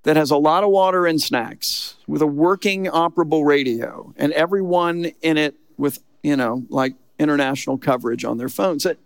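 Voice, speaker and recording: A middle-aged man preaching a lively, conversational sermon, acting out quotes as he goes. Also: on the high side, moderate pace, hardly any pauses, clean tone, dry recording. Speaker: pastor.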